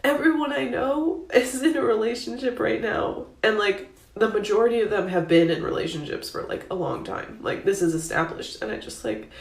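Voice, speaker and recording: Tearful young woman, gravelly voice. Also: a little high. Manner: halting, with lots of filler. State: crying. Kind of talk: confessional vlog. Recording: echoey room.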